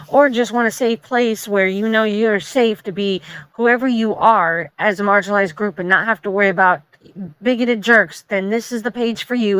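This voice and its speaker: A woman's voice: mid-range voice, a bit bright, clean tone, dry recording, rough recording. A woman hosting a casual meme reaction video, chatty and opinionated, reading the memes aloud.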